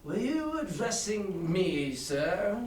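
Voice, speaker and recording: A man voicing a calm, stern gentleman doctor who speaks with measured, deliberate politeness. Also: high voice, slight background noise, heavily acted. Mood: cold stern. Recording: roomy classroom, far from mic.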